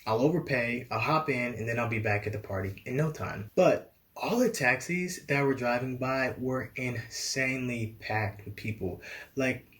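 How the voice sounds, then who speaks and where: Young man, animated storyteller, mid-range voice, laughs between lines. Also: mid-range voice, moderate pace. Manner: animated, laughs often, acts out quoted dialogue. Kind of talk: storytime vlog.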